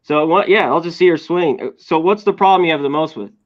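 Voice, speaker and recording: A man co-hosting a sports radio show, talking in a relaxed, laid-back way. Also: a little high, fast talker, highs cut off. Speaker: co-host and golf analyst. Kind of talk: casual sports radio chat.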